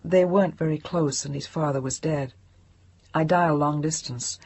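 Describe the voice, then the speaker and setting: A woman's voice: low voice, steady tone, normal speed, a little mellow, breathy edge, no echo. A woman narrating a novel in the first person, sounding tense and shaken. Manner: tense, shaken, breaking into whispers. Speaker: audiobook narrator.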